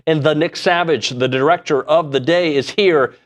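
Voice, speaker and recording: A man hosting a casual sports radio show, steering the talk with teasing, quick asides. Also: fairly high pitch. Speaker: host.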